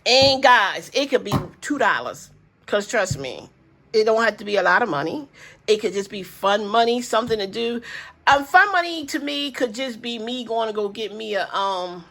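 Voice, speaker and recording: Woman, older, grandmother, budgeting vlogger, easygoing chatty rambler, slightly high voice. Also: lively intonation, normal speed, a bit bright. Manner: chatty, rambling, addresses viewers as y'all. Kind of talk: casual chat to viewers.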